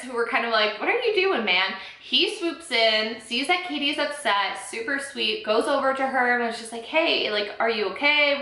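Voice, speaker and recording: Chatty young woman, bright echoey voice. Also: on the high side. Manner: chatty, filler-heavy, opinionated. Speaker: beauty vlogger recapping a reality show. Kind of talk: casual chat to camera. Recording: echoey room.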